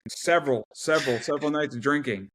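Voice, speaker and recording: A man as an interview guest in casual chat, talking emphatically with many quick repeated restarts. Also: on the high side, a bit bright, a little hiss or hum. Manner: rapid repetitive restarts, emphatic.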